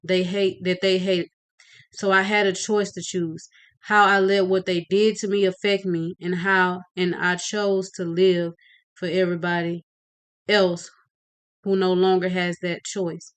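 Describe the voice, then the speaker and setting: A woman's voice: lowish voice, unhurried, smooth, natural voice. A woman voicing a teenage boy in a read-aloud novel, earnest and pleading. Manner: pleading when scared, earnest and steady on stage. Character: frightened teenage Black boy, later calm speaker.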